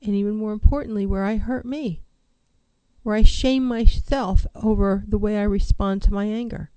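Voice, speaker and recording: A woman counselor speaks in a mellow, warm voice, recorded dry and close. She talks with emphasis, stacking rhetorical questions and repeating her key phrases to drive them home. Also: mid-range voice, fairly even intonation, moderate pace, smooth, no echo, poor audio. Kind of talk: motivational talk on mental health.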